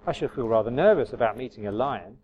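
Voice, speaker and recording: A man's voice: mid-range voice, animated, fast talker, breathy edge. A man reading aloud as a nervous young girl from a storybook, his voice slightly raised and questioning. The recording is slightly muffled.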